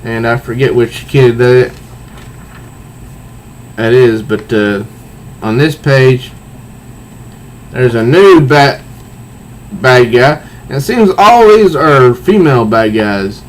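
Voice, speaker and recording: A man casually reviewing a comic book, recounting panels in a halting way with repeated words. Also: medium pitch, slight background noise, rough recording.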